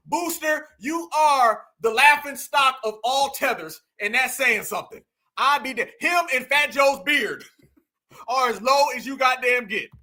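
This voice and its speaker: A man's voice: extremely high pitch, pushed and bright. A man giving scornful reaction commentary, laughing often and repeating phrases for effect.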